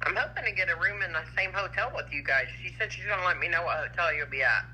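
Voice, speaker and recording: A woman's voice: lowish voice, expressive, fast, pushed and bright, husky, low-quality recording. A woman calling in to a live stream, talking in an effusive, affectionate way. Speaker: caller. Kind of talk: casual call-in chat.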